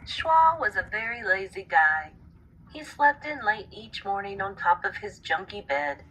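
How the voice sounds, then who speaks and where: A woman teacher reading a storybook aloud to a class, with expressive, clear storytelling. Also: mid-range voice, a little slow, a little hiss or hum, low-quality recording.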